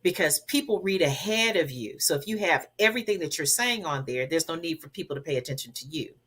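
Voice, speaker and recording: A woman from the American South talks as a public speaking coach, her voice lowish and bright with a forceful edge. She lays out advice emphatically and repeats the words she wants to stick. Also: expressive, a little fast, husky. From Southern United States. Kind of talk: advice in a podcast interview.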